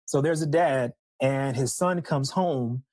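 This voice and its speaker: A man's voice: medium pitch, takes it slowly, darkish tone, dry recording, rough recording. A middle-aged man, a father and podcast guest, speaking in casual interview talk that is reflective and full of hesitations.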